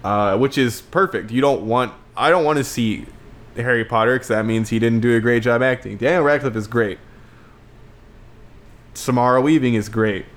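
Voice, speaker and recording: A man's voice: mid-range voice, moderate pace. A man giving a casual, enthusiastic film review, rambling and repeating words as he compares movies.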